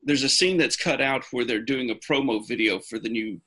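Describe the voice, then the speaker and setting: A man with a husky, somewhat breathy voice at an ordinary pitch, chatting on a podcast. He tells long, winding stories and often stops to restart his sentences. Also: brisk, sharp tone. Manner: rambling storyteller, restarts a lot. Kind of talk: casual chat.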